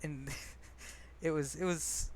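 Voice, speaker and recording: A man's voice: on the high side, steady tone, slow pace, darkish tone, slight background noise. A young man casually telling stories and reading his own poetry, rambling and self-deprecating, with many fillers and restarts.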